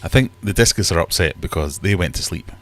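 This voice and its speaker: A Scottish man with a low, deep voice hosts a casual live stream from his home fish room. He is middle-aged and chats in a loose, rambling way, often poking fun at himself. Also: expressive, a little fast, a bit bright. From Scotland. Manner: rambling, chatty and self-deprecating. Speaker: livestream host.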